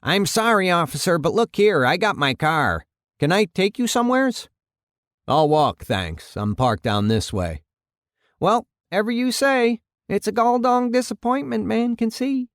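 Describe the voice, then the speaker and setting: A man's voice: high-pitched, very animated, measured pace, a bit bright, no room sound, clean studio sound, pitched above the performer's own voice, heavily acted. A man voicing a talkative, folksy rural bystander with a rural American accent and homespun drawl. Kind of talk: dramatic reading of a radio play.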